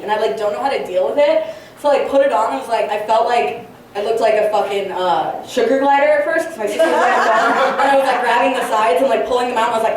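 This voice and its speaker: A young woman performs a stand-up set on a club stage, rambling through her stories with constant fillers, curse words and giggles. Her voice sits a little high. It is picked up from a distance in a very echoey room with a faint hum of ambience behind her. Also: expressive, quick pace. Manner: rambling, filler-heavy, profane, giggly delivery. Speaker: stand-up comedian. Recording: very echoey room recorded from afar.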